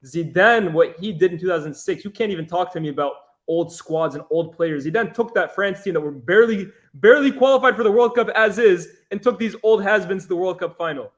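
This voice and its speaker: Animated man talking football. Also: sits high, brisk, hardly any pauses. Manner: animated, laughing, repeats points for emphasis. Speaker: football pundit co-host. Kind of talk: casual football chat.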